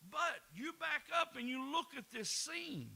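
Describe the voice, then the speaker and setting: A pastor preaching a folksy sermon, often repeating words and breaking into laughs. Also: male voice, very high voice, lively intonation, measured pace, creaky, pushed and bright, rough recording.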